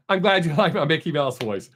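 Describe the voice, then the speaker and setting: Blunt man hosting a live stream. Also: fairly high pitch. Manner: blunt and opinionated, answering chat comments directly. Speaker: live-stream host reading viewer comments. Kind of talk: casual live-stream chat.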